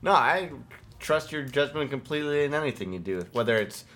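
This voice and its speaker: A man's voice: medium pitch, animated, fairly quick, fairly bright tone. A man co-hosting a podcast in casual chat, teasing, rambling and often laughing. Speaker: podcast co-host.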